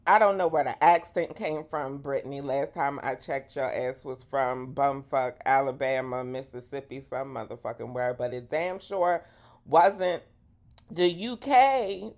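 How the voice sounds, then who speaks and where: A woman hosting a live gossip show, talking in a sassy, profane, dramatic way and swooping into high exclamations. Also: a little slow. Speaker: host.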